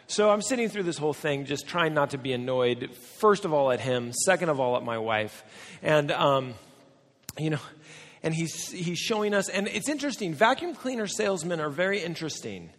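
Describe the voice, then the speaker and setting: Preaching in a large church or conference hall, a middle-aged American man tells a story peppered with joking asides to the audience. His voice is expressive, a bit bright and on the high side, at a normal speed. A long hall reverb fills the recording.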